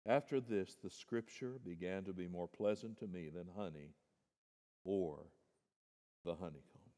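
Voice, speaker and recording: Male pastor, sermon delivery, moves from soft and low to loud and high, long hall reverb. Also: measured pace. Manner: addresses listeners as "my friend".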